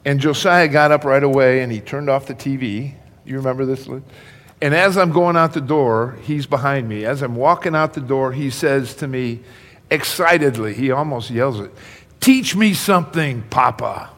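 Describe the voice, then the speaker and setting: An older man preaching a sermon in a church sanctuary, his voice carrying a long hall reverb. His pitch sits in an ordinary middle range, and he speaks to the congregation in a conversational way. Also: moderate pace, fairly bright tone. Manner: conversational, addresses congregation directly. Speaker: pastor.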